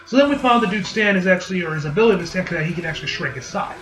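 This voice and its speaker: Rambling high-voiced male anime reviewer. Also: rapid-fire, reverberant. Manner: rambling, profane, acts out quotes in animated voices. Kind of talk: casual episode recap review.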